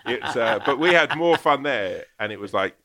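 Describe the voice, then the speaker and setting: A man's voice: mid-range voice, moderate pace. A man, an actor and comedian, telling a casual anecdote with lots of swearing. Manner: animated storyteller, swears a lot.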